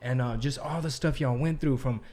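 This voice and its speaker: A man hosts a laid-back podcast and reacts eagerly, stacking up quick agreements. He slips Spanish slang into his English. His pitch is middling for a man. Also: dark tone. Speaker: podcast host. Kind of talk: casual podcast chat.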